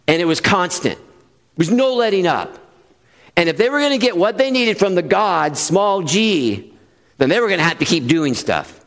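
A pastor preaching an expository sermon, earnest and emphatic, repeating phrases for stress and slowing on key lines. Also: male voice, high voice, a bit bright.

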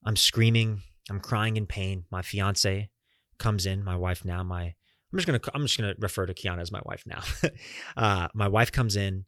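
Young man, podcast host, lower voice, earnest personal storytelling, dry booth sound. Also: fairly bright tone, no echo. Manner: earnest, talks straight to listeners as "guys"; swears casually.

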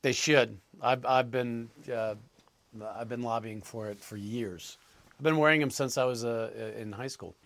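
A man answering interview questions as an actor guest, halting and thoughtful with many pauses. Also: medium pitch, steady tone, fairly bright tone, no echo.

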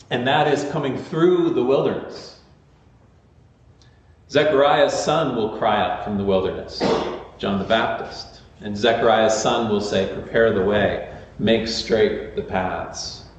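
With a medium-pitched voice, this male pastor preaches conversationally, restarting sentences and using filler words. Slight background noise sits under a far-off, muffled recording full of the echo of a big sanctuary.

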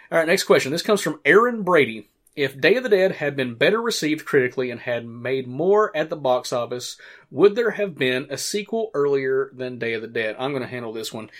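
Male podcast host, casual commentary, rambling delivery, mid-pitched voice, swears casually. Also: a bit bright. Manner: rambling, frequent restarts and fillers, casual swearing. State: hiccups.

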